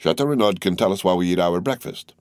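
A man's voice: low-pitched, fast talker, darkish tone, no echo, clean studio sound, close to an everyday voice. A man voicing a sardonic, teasing young male journalist in a classic novel reading. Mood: mocking. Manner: mocking, teasing.

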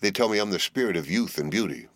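A man's voice: low-pitched, lively intonation, fast talker, dry recording, studio quality. A man voicing a bored, witty young heiress who talks in a cool, teasing, languid way.

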